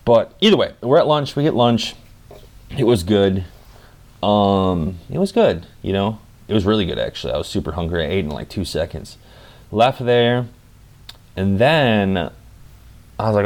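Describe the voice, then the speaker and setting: A man's voice: on the low side, expressive, moderate pace. A man vlogging in loose, slangy storytelling with frequent swearing. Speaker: travel vlogger. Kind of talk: casual storytelling monologue.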